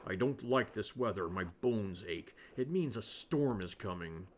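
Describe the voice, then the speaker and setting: A man voicing a stern, grumbling old monk in a slow, put-on older voice. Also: fairly low pitch, lively intonation, voice pushed down.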